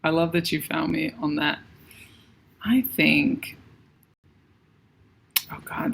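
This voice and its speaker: A woman's voice: deep voice, gravelly, husky. A woman hosting a casual livestream while she paints, thinking aloud and greeting viewers by name. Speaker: livestream host.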